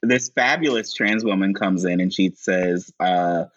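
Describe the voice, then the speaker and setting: A man co-hosting a casual chat, slowly recapping a TV scene with lots of fillers and pausing to act out lines in a higher voice. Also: fairly bright tone, no echo, lo-fi sound. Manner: slow, halting recap with frequent fillers and high-pitched quoted lines. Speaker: podcast co-host recapping a show.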